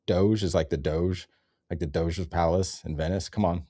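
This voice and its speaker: A man's voice: low voice, fairly even intonation, normal speed, mellow, dry recording, clean studio sound. A man ranting in a sarcastic, rambling comedy commentary, cursing often.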